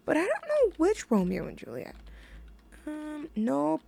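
Giggly young woman with a gravelly voice. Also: high-pitched, huge pitch swings, unhurried, dark tone. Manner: giggly, rambling, self-interrupting. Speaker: radio host. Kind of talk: casual chat.

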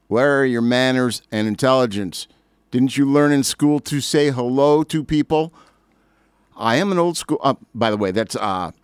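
A man's voice: medium pitch, clear, resonant tone, no echo. A man in his sixties, a radio DJ chatting in a rambling, easygoing way between songs, speaking into a close studio mic. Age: 60s. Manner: rambling, chatty, lively asides. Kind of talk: casual radio chat. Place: radio station record library.

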